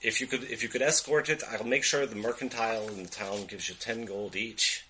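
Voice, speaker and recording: A man voicing a gruff male dwarf merchant with a put-on Scottish accent, halting and earnest. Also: fairly low pitch, steady tone, sharp tone, slight background noise, low-quality recording. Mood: pleading. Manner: halting, stumbling speech.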